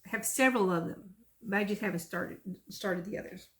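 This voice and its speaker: Chatty and rambling, a middle-aged woman from Texas talks about her cross stitch and tells stories, livening up as she recounts them. She speaks a little fast at a medium pitch.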